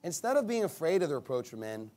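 A man preaching a sermon in a high, lively voice that swings widely in pitch. He reads scripture slowly with climbing emphasis, then turns animated and mocking, with sudden shouted bursts. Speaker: pastor.

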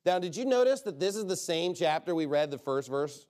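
A man's voice: fairly high pitch, expressive, a little fast, darkish tone. A man preaching a sermon in an emphatic, conversational way, often asking rhetorical questions.

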